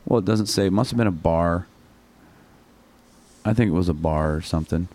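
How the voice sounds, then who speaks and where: A man's voice: deep voice, fairly quick, a little mellow. A man hosting a casual talk show, earnest and rambling, often stopping to correct himself. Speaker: show host. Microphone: headphones and studio mic.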